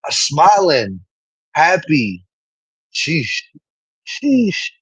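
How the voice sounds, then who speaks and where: A man, chatting casually to a live stream audience in an animated, rambling way, swearing often. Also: on the high side, normal speed, slightly rough, no room sound, rough recording.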